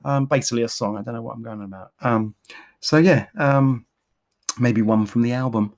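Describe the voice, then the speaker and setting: A woman's voice: very deep voice, normal speed, darkish tone. A woman hosting a podcast, chatting casually in a rambling, jokey, self-mocking way. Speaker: podcast host. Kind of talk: casual chat.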